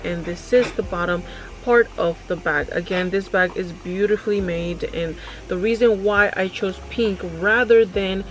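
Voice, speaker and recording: Young female beauty vlogger, mid-pitch, gushy and chatty, home unboxing. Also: unhurried, rough recording. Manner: gushing, excitable, chatty, addresses viewers directly. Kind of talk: casual unboxing vlog. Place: home, by her mirror.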